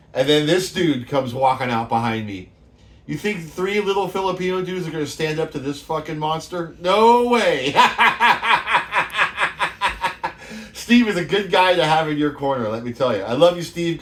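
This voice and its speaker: Profane, laughing man telling old stories. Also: fairly high pitch. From San Francisco Bay Area. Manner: loose, profane, laughs at his own stories. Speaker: show host. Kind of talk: casual storytelling monologue.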